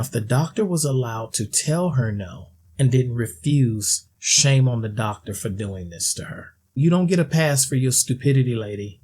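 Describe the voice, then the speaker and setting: A man's voice: medium pitch, a little mellow, a little hiss or hum. A man ranting in a video commentary, blunt and sarcastic, with a mocking edge.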